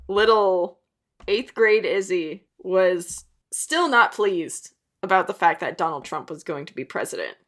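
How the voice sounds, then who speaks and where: A woman's voice: fairly low pitch, fairly bright tone. A young woman narrating a casual sketchbook tour, chatty and self-mocking, laughing at her old drawings. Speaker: art vlogger.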